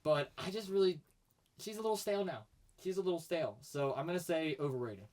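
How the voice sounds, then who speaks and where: A man's voice: a little high, brisk, darkish tone. A man co-hosting a casual podcast chat, opinionated and rambling, laughing often as he talks. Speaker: podcast co-host.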